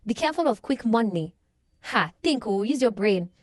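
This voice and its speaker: A young woman tells a film's story in a lively, animated way, slipping into the characters' voices as she goes. Her voice sits a little high, and the recording is close and dry with no room sound. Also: normal speed, dry recording. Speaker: movie reaction vlogger. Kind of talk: casual movie recap and reaction.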